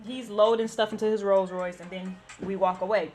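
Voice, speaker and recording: This thirty-something vlogger from the San Francisco Bay Area speaks a little high, with fairly even intonation, a fairly bright tone, a moderate pace and few pauses. She's casually telling viewers a story, chatty, blunt and full of profanity, over faint background music.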